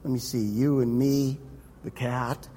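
A preacher doing a flustered anxious servant. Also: male voice, medium pitch, fairly even intonation, unhurried, mellow, pitched below the performer's own voice, lightly acted. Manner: flustered, incredulous. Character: anxious male servant facing an army. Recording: long hall reverb.

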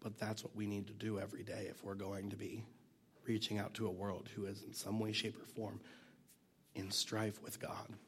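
A man's voice: on the low side, monotone, normal speed, a bit bright. A man teaching a Bible passage in a casual, conversational way, fighting a cough and sometimes dropping to a near whisper. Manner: conversational, self-deprecating, drops to near whisper at times.

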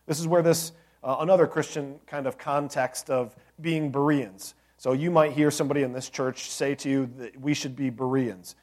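A man's voice: mid-range voice, a little mellow. A man preaching a sermon as a pastor, conversational, with joking asides and rhetorical questions to the congregation.

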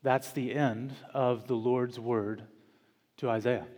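A man preaching a sermon as pastor in a church, slow and deliberate, with dramatic pauses and emphatic repetition. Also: medium pitch, fairly even intonation, darkish tone. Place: church sanctuary. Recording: long church reverb.

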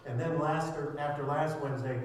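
A man's voice: on the high side, fairly even intonation, brisk. A man preaching a sermon as a pastor, with a sarcastic streak, building to fervent emphasis. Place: church sanctuary. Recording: echoey church hall, distant mic.

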